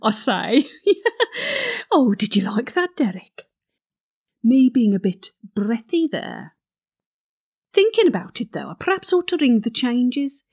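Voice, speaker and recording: A woman's voice: fairly high pitch, expressive, measured pace, darkish tone. A woman playing a flirty gossip. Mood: flirtatious. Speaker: comic monologue character. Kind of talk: comic character monologue.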